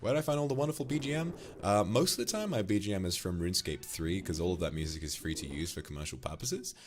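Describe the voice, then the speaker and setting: A deep-voiced, animated male livestreamer chats casually while gaming, reading out donations with quick, playful, flirty thanks. He swears freely and gets loud when he rants, and a little hiss or hum sits under the audio.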